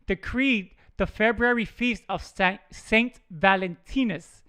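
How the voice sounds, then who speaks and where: A man's voice: high voice, slow pace, bright, forceful tone, clear, resonant tone. A man hosting a podcast in casual chat, joking and stumbling over words as he reads aloud. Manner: jokey, stumbles over words while reading. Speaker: podcast host.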